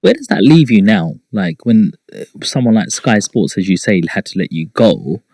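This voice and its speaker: A man's voice: fairly low pitch, very animated, moderate pace, a little mellow, no room sound. A man hosting an interview, asking short probing questions and giving brief agreement. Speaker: podcast host.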